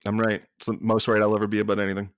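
Passionate Boston-accented man, low voice. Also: monotone, smooth, no room sound, studio quality. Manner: passionate, fast restarts and repeated words. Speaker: podcast guest, staff writer. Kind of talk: casual podcast chat.

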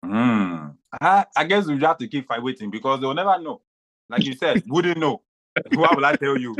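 A man's voice: medium pitch, expressive, moderate pace, a bit bright, no echo. A man co-hosting a podcast in casual chat, teasing playfully and calling others bro and cuz. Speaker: podcast co-host.

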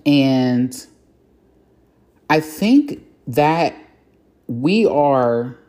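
A woman with a strikingly low, mellow voice hosts her own podcast. She talks candidly and casually in a chatty, self-deprecating way, swearing now and then. It comes across as an unscripted solo monologue. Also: lively intonation, drawn-out words. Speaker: podcast host.

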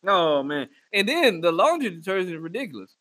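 A man, hosting a casual chat and telling profane, animated stories with mock voices. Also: sits high, fairly quick, over music.

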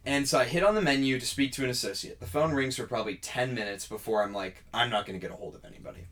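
A man's voice: medium pitch, very fast. A young man co-hosting a podcast, telling a long story in casual chat and acting out the people in it. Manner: animated storytelling, acts out quoted people. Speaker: podcast co-host.

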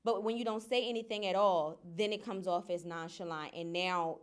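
A young woman opens up in a casual group discussion. She sounds candid and self-aware, and her voice sits at an ordinary middle pitch. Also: steady tone, normal speed, hardly any pauses.

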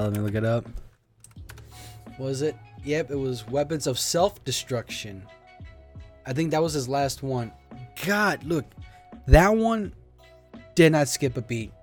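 A man's voice: mid-range voice, lively intonation, unhurried, pauses often, faint music behind. Rambling man in casual solo chat. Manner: rambling, swearing, emotional.

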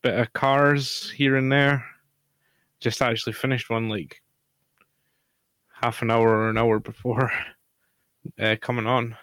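A man's voice: medium pitch, flat delivery, slow, pauses often, fairly bright tone, clean tone, dry recording. A young man co-hosting a podcast in casual chat, laid-back, laughing often and swearing casually. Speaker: podcast co-host.

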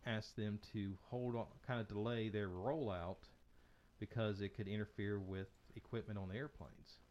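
A man's voice: lowish voice, steady tone, moderate pace, a little mellow, muffled recording, a little hiss or hum. A man presenting tech news on a casual podcast, easygoing and explaining steadily. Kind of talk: casual chat.

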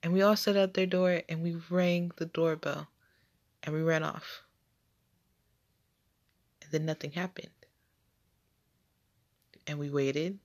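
Young woman telling a story slow and low, restarting lines as she goes. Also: flat delivery, a little mellow. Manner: halting retelling with repeats and restarts. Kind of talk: personal storytelling.

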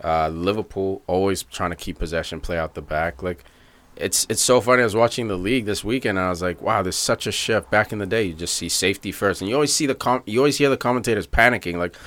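A man's voice: deep voice, fast talker. A young man co-hosting a casual soccer podcast, telling stories animatedly and swearing casually. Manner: animated, mimics commentators mid-story, swears casually. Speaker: podcast co-host.

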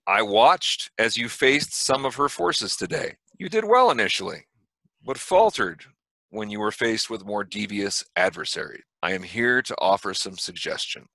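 A man voicing a mysterious stranger in a fedora, speaking in a calm, measured and coldly polite way over a video call. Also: lowish voice, no room sound, full character voice.

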